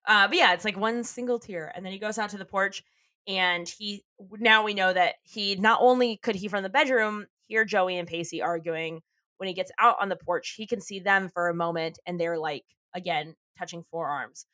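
A woman's voice: mid-range voice, moderate pace, bright, forceful tone, no room sound, clean studio sound. A woman co-hosting a podcast, chatting casually as she recaps a TV episode, laughing often and swearing freely. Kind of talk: casual chat.

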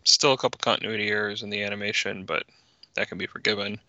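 A man's voice: fairly low pitch, steady tone, fast talker, sharp tone, dry recording, dull audio. A man co-hosting a casual podcast chat, explaining production details loosely with plenty of fillers. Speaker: podcast co-host.

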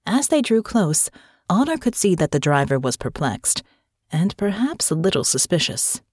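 A woman narrating an audiobook with expressive, scripted storytelling on a close studio mic. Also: fairly low pitch, normal speed, dry recording.

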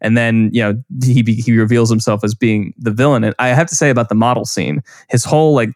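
A man hosting a casual chat about a film, animated and quick to quote lines. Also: mid-range voice, no echo, clean studio sound. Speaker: podcast host.

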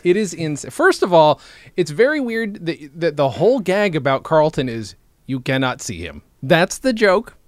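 A man co-hosting a casual podcast, animated and laughing often, sometimes dropping into low, quiet asides. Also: moderate pace, no echo, studio quality. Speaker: podcast co-host.

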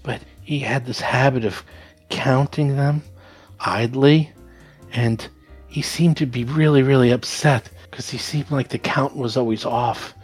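A man voicing a terrified blinded male prisoner who stammers and breaks into high, pleading cries. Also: fairly even intonation, unhurried, husky, faint music behind. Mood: hushed.

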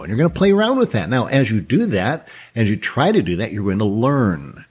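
Husky guy giving a motivational trading talk, pitch swinging all over, earnest. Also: a little fast, hardly any pauses. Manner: earnest, repetitive emphasis, lively. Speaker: trading coach.

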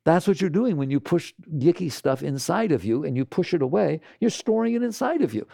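A man's voice: a little high, sing-song, a little fast, vocal fry, hardly any pauses, mellow, dry recording, clean studio sound. A man giving a spiritual talk on meditation to a live audience, speaking conversationally and often checking in with his listeners. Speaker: meditation teacher.

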